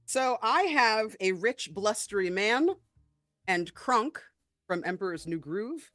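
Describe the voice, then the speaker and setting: A woman's voice: medium pitch, expressive, slow pace, a bit bright, dry recording, studio quality, soft background music. A woman hosting a live game stream in casual chat, bubbly and hesitant, with frequent fillers. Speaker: stream host.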